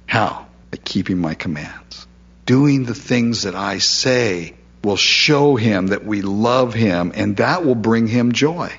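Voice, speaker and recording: Husky guy preaching, chatty asides, lively swings in pitch. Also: lo-fi sound. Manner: conversational preaching with repeated asides and quoted voices. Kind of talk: sermon.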